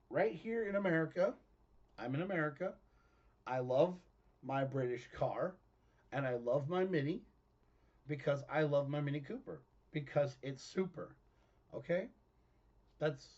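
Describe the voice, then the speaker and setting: A man hosting his own online show, talking in an excitable, animated rant and often breaking into laughs. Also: high-pitched, dull audio. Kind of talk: excitable ranting monologue.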